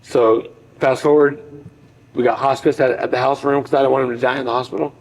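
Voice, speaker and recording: Gravelly middle-aged man, earnest storytelling. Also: medium pitch, steady tone, a little fast, rough recording. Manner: earnest, heartfelt, reflective. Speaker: podcast guest, former boxer. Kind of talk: personal storytelling in conversation.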